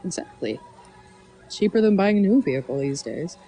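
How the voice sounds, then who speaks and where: A woman's voice: fairly low pitch, very animated, moderate pace, warm tone, soft background music, low-quality recording. A woman chatting casually on a live stream, telling stories, laughing often and reading chat messages aloud.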